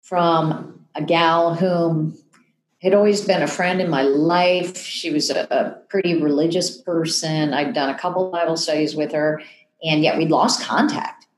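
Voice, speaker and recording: A woman in her fifties, a television personality telling an emotional story in a podcast interview, animated and acting out the voices she quotes. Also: deep voice, measured pace, reverberant, rough recording. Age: 50s.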